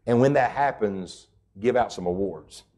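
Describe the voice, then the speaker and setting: A man's voice: fairly low pitch, measured pace, a little mellow. A middle-aged man preaching a sermon as pastor, folksy and emphatic, with rural turns of phrase.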